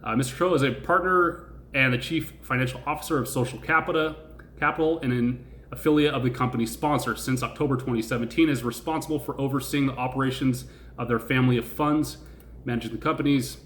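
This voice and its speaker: A man's voice: medium pitch, fast, a bit bright, echoey room, a little hiss or hum. A man hosting a stock-investing channel, chatting casually, laughing often and asking his viewers questions. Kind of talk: casual video commentary.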